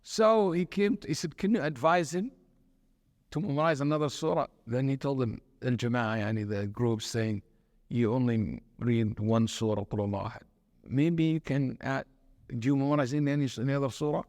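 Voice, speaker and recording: A man serving as imam, giving a sermon and telling stories in an animated way, with Arabic terms and quotes mixed into his talk. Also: mid-range voice, brisk, studio quality. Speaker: imam and teacher. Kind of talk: sermon lecture with storytelling. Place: mosque hall. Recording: long hall reverb.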